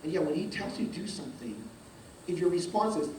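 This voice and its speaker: With a quick pace and a voice on the high side, a pastor tells a lively personal story in a church hall, acting out scenes, stammering, repeating words, and asking "okay?" often. The recording is distant and echoey, with faint ambience and background noise.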